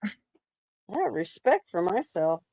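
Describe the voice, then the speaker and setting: A woman's voice: on the low side, very animated, a little slow, vocal fry, mellow, dry recording. A woman joining a live panel as a guest, speaking bluntly in casual chat.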